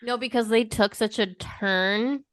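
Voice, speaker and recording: A woman's voice: a little high, a little slow, fairly bright tone, no room sound, clean studio sound. A woman co-hosting a podcast in casual chat, eager and talkative, often acting out what she and others said. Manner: chatty, eager, quotes herself and others. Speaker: podcast co-host.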